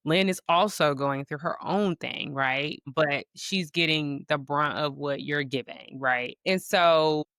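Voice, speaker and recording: A woman hosting a podcast in casual talk, chatty and quick to affirm her guest. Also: low-pitched, fairly bright tone, no echo, clean studio sound. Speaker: podcast host. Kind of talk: casual conversation.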